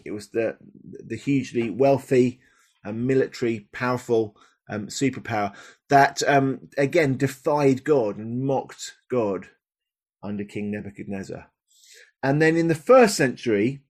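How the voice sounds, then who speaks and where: A man's voice: medium pitch, darkish tone. A man pastor reading scripture dramatically, then preaching in a conversational way with fillers and restarts.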